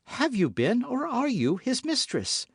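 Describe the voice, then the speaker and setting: Male narrator's young woman novice: high, pleading, timid, dry close audiobook sound. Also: sing-song, measured pace, dry recording.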